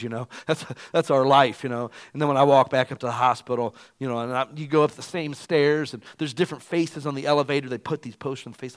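A man preaching a sermon in a casual, emphatic way, often saying "man". He swings between loud bursts and quiet, low asides.

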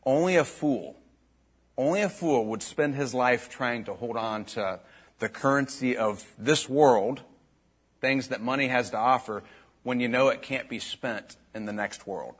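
A pastor preaches in a loose, conversational way, breaking into sharp emphatic bursts. His voice sits at a middle pitch with a husky, slightly breathy edge. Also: unhurried. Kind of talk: sermon.

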